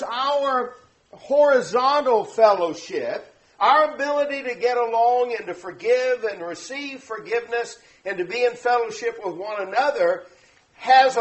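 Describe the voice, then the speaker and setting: High-voiced man preaching a sermon. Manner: earnest, explanatory, emphatic on key words. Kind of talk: sermon lesson.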